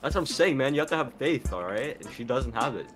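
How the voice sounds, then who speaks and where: A man's voice: mid-range voice, expressive, quick pace, faint music behind. Dry-humored man teasing friends. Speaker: gaming video guest. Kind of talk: casual gaming banter.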